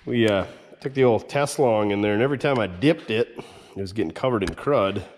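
A man's voice: lowish voice, brisk, a little mellow. A man hosting a repair vlog, bantering casually and joking in slang while he works on an old car. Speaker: mechanic vlog host. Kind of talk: casual running commentary while working. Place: shop working on an old car.

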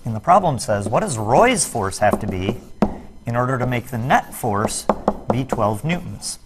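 Speaking at normal speed over music, a man with a medium pitch and big swings teaches net force in a recorded class video. He goes through the problems step by step, adding humorous, self-mocking remarks.

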